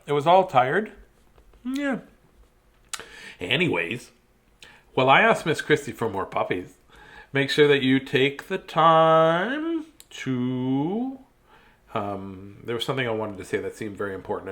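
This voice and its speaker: Goofy, animated man saying good night. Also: medium pitch. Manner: goofy, playful, warm sign-off. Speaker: bedtime story reader. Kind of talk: casual bedtime chat to viewers.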